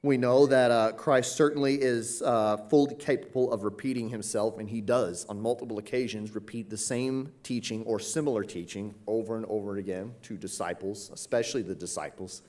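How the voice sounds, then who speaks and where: A man with a somewhat low voice delivers an expository sermon. He talks casually through the text, with frequent filler sounds and quick "right?" check-ins to the congregation. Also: fairly even intonation, a little mellow. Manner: conversational, frequent "uh" and "right?" tag questions. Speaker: pastor. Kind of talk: expository Bible teaching.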